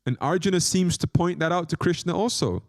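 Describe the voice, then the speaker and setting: A man's voice: high-pitched, fairly quick, dry recording, studio quality. A man, a monk, giving a spiritual lecture with playful, self-mocking asides and short phrases repeated for emphasis. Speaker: monk teacher.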